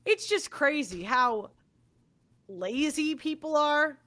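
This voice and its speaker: A woman's voice: sits high, lively intonation, slow pace, bright, forceful tone. A young woman hosting a podcast, delivering an angry, profane monologue and repeating her points. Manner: swearing, ranting, repeats herself. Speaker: podcast host.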